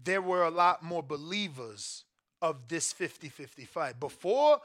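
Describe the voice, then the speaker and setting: Young male podcast host, bright tense voice, loose slangy banter. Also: on the high side, animated. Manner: slangy, argumentative, quick back-and-forth. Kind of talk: casual chat.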